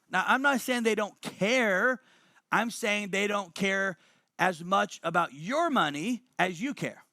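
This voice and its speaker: A man's voice: high-pitched, animated, slow, bright, forceful tone, no room sound, clean studio sound. A man presenting a motivational money webinar, emphatic and fond of repeating key lines.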